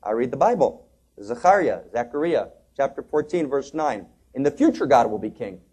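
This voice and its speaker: A spiritual teacher delivers a lecture, telling a story with drama as he drops into hushed asides, erupts into loud outbursts, and slowly chants liturgical phrases. His voice sits at a medium pitch, very animated with a breathy edge.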